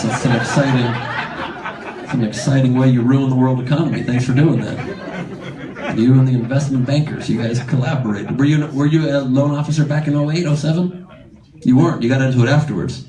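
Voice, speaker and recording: A man's voice: a little high, very animated, a little fast, reverberant, low-quality recording. A man doing improvised crowd work on a comedy club stage, teasing the audience in a brash, profane way. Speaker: stand-up comedian. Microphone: handheld stage mic. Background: laughing crowd.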